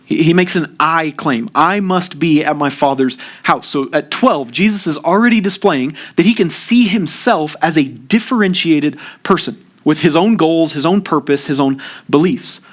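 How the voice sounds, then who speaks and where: A man preaching a sermon as pastor, earnest and steady, often repeating the first word as he starts a sentence. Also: fairly high pitch, moderate pace. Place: church.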